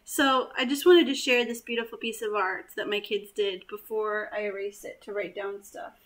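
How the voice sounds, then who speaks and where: A woman's voice: medium pitch, fairly even intonation, moderate pace, fairly bright tone. A young woman hosting a casual live stream, playful and easy to laugh. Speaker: vlogger host.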